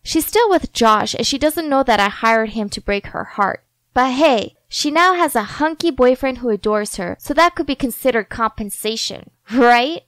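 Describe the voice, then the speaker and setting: High, expressive woman narrating a drama. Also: normal speed, no echo. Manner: dramatic, expressive, with sarcastic asides. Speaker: storyteller. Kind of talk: first-person scripted story narration.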